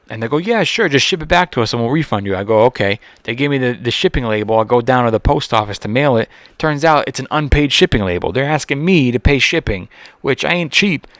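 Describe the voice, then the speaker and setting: A man's voice: lowish voice, dry recording. A man hosting a solo comedy podcast, ranting in an exasperated, profane way with lots of restarts and filler words.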